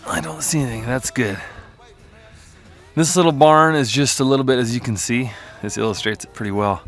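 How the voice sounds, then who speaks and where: A man's voice: medium pitch, a little fast, a bit bright, faint music behind. A young man, a cattle rancher, talking casually to the camera while doing morning chores outdoors and in barns on a windy, cold ranch. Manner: chatty and easygoing, with small laughs and groans at the cold. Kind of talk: casual vlog narration.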